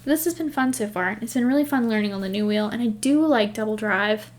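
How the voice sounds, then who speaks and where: A woman's voice: fairly high pitch, brisk. A woman hosting a knitting podcast, chatting casually and rambling through stories while laughing at herself. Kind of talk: casual chat.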